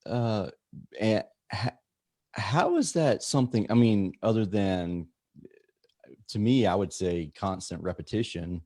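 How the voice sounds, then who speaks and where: A man hosting a podcast, asking a question in a halting way, often searching for his words. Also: fairly low pitch, a little mellow, dry recording, studio quality. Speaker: podcast host. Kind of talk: casual interview talk.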